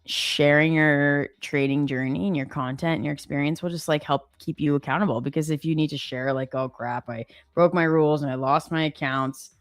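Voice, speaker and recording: A woman's voice: low voice, fairly even intonation, moderate pace, few pauses, no echo, studio quality, soft background music. A woman hosting a live trading stream, chatting casually, reading viewer comments and laughing often. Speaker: livestream host.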